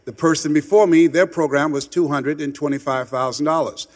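Man, motivational speaker, impassioned, loud-to-hushed swings, reverberant hall. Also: fairly high pitch, steady tone, a little fast. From United States. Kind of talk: motivational storytelling.

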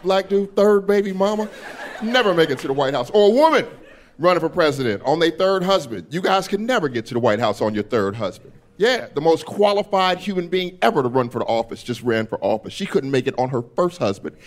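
A man doing a stand-up set on a comedy stage, talking loudly and punchily into a handheld mic and laughing through his jokes. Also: fairly high pitch, lively intonation, fairly quick. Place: comedy stage before a live audience.

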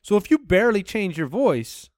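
A man with a fairly high, lively voice hosts a podcast and puts questions to his co-hosts. He talks in casual, comedic chat and stumbles through restarts. The recording is dry and close. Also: dry recording. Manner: asks questions, halting restarts. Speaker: podcast host.

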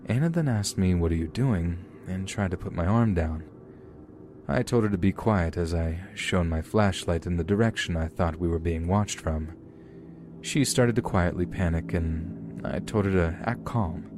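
Deep-voiced man narrating horror stories. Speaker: podcast host reading listener stories. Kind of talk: scripted horror story narration.

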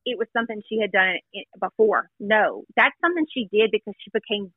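A woman's voice: mid-range voice, a little fast, husky, no echo. A woman guest chatting casually and emphatically, driving home her points as she recounts a story. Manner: emphatic, chatty, stresses points with "let me tell you". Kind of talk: casual gossip chat. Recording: tinny phone-line audio.

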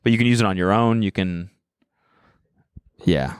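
A man's voice: deep voice, moderate pace, clear, resonant tone, dry recording. Chill guy cohosting a podcast, says like a lot, dry close mic. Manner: laid-back, lots of "like" fillers. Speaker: podcast co-host. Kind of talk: casual chat.

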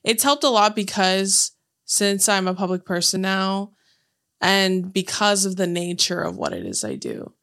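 A woman's voice: medium pitch, expressive, measured pace, vocal fry, a bit bright. A young adult woman co-hosting a podcast in casual chat, blunt and outspoken, swearing freely. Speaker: podcast co-host.

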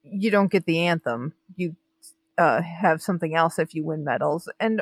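A woman co-hosting a casual sports chat show, talking in an animated, indignant way with frequent restarts. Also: low voice, normal speed, no echo. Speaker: podcast co-host. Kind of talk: casual chat about Olympic news.

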